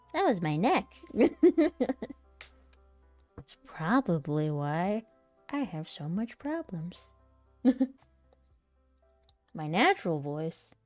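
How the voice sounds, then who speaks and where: A woman's voice: on the low side, huge pitch swings, extremely slow, long pauses, a little mellow, no echo, soft background music. A young woman streamer practicing voice acting, chatting casually and laughing at herself between takes. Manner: giggly, self-mocking, chatty. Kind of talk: casual live-stream chat.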